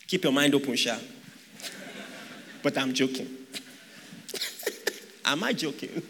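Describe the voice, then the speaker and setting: A man's voice: high-pitched, very animated, takes it slowly, long pauses, sharp tone, slight background noise. A man preaching a sermon, asking the congregation rhetorical questions and joking with them. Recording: long hall reverb.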